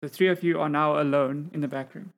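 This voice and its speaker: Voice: mid-range voice, steady tone, a little fast. A game master describing scenes and calling for rolls in a tabletop game.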